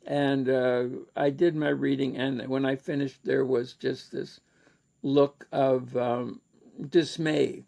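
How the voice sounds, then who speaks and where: A man's voice: mid-range voice, measured pace, gravelly, a little mellow. A man with a Canadian accent telling a rambling personal story in a casual lecture, with many fillers and restarts.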